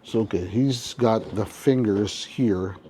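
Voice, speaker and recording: A man's voice: fairly low pitch, slow, warm tone. A man casually reviewing a toy, chatting and thinking aloud as he handles it, with faint noise in the background.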